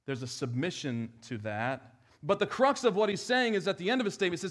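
Man, pastor, sermon, slightly high voice, conversational, emphatic then hushed. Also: expressive, fast talker. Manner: conversational preaching with wide swings from emphatic to hushed. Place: church.

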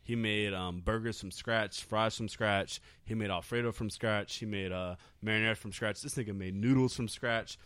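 A man's voice: lowish voice, fairly even intonation, moderate pace, few pauses, fairly bright tone, clean tone, no room sound. A young man co-hosting a casual drinking podcast, talking loosely with crude jokes and laughs. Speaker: podcast co-host.

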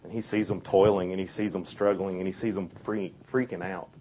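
A man's voice: sits low, steady tone, fairly quick, slight background noise. A young man giving a youth sermon in a casual, conversational way, full of fillers and restarts. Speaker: youth speaker. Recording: dull lo-fi recording.

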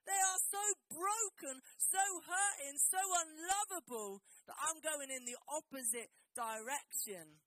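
A woman voicing a grumbling, self-pitying male prophet who rants loudly about fleeing. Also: high-pitched, takes it slowly, hardly any pauses, no room sound, pitched above the performer's own voice, exaggerated voice, rough recording. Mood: indignant. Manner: loud indignant ranting.

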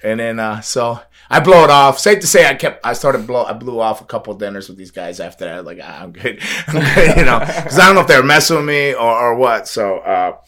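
A man spins a loose anecdote in casual conversation. He rambles, stumbles over repeated words and keeps breaking into laughter. His voice sits at a middling pitch. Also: lively intonation, a little fast, hardly any pauses, a bit bright. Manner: rambling, laughs often, many fillers and repeats. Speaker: guest, wrestler. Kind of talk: casual storytelling.

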